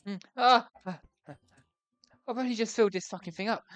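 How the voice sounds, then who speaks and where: A woman's voice: fairly high pitch, brisk, dry recording. A young woman giving frantic, exasperated let's play commentary with lots of swearing. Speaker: gaming YouTuber.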